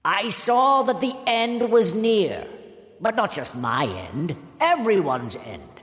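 A man's voice: high-pitched, sing-song, slow, a bit bright, pitched above the performer's own voice, full character voice. A man voicing an ancient, stern male sage who is impatient with fools and lectures solemnly in a storybook tale. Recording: echoey hall reverb.

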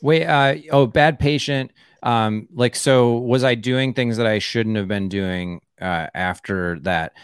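A man's voice: mid-range voice, slow, hardly any pauses, smooth, no echo, clean studio sound. A man, a comedian guest on a casual podcast, rambling, full of "like" and restarts.

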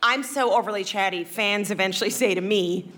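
A woman's voice: medium pitch, brisk, fairly bright tone. A woman telling comic anecdotes as a talk show guest, chatty, giggly and self-mocking. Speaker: guest storyteller.

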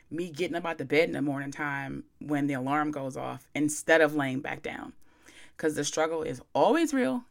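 A woman's voice: creaky, a bit bright. A young adult woman hosting a self-help podcast, talking candidly and playfully in casual slang.

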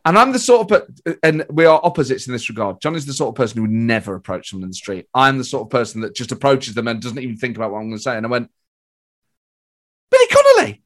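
A British comedian telling an anecdote in casual chat, animated and shifting between loud and hushed. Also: male voice, mid-range voice, racing, hardly any pauses. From Britain. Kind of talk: casual storytelling.

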